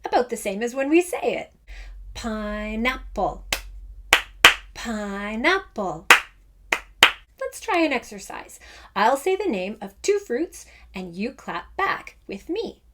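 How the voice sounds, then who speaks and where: A woman's voice: a little high, sing-song. A woman teaching a children's music lesson, encouraging and chanting rhythm words aloud. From Canada. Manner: encouraging, speaks slowly and sings out rhythm words.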